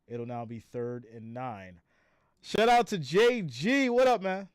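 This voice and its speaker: In a slightly high, sing-song voice with a clean tone, a weary man slowly does casual play-by-play on a live stream. He reads viewer comments aloud in a chatty, laughing way, and the audio is clean studio sound with no room noise.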